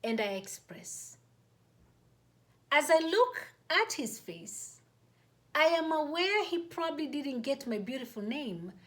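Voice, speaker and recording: A woman host reading her own personal story aloud, in a measured, deliberate way. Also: high-pitched, very animated, fairly bright tone.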